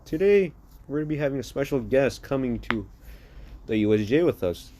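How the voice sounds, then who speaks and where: Man reads a weary male teacher, plain and flat, low mellow voice. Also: brisk, a little hiss or hum, lightly acted.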